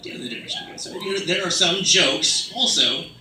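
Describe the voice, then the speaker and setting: A man's voice: high-pitched, big pitch swings, brisk, bright, forceful tone, slight background noise. A man doing a rambling stand-up comedy set, full of fillers and asides. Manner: rambling, many fillers, slips into put-on British accents. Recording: roomy sound from a distant mic, faint ambience.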